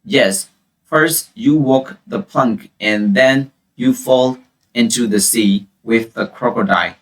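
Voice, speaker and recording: A man's voice: medium pitch, takes it slowly, fairly bright tone, distant mic. Captain Hook, as a man puts him on. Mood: gloating. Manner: taunting, mocking laughter. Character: cruel, gloating male pirate captain.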